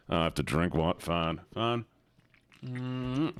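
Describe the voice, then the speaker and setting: A man's voice: sits low, lively intonation, takes it slowly, a bit bright, clean tone, no room sound, studio quality. A young man streaming a game, chatting casually with his chat, laughing and swearing often. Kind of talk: casual live-stream chat while gaming.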